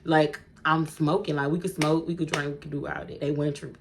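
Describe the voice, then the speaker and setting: A woman with a slightly low voice tells a storytime for her vlog, speaking straight to her viewers. She is animated and chatty, swears freely and laughs often along the way. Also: fast, a little hiss or hum. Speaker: vlogger.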